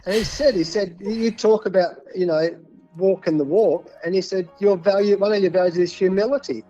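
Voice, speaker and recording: Animated Australian man telling stories. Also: sits high, moderate pace, highs cut off, soft background music. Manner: animated, repeats words when telling stories. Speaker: cricket coach, guest. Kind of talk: casual storytelling interview.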